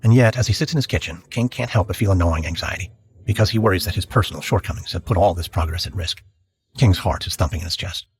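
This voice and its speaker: A man narrating a scripted history drama podcast in a measured, dramatic storytelling manner. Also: low voice.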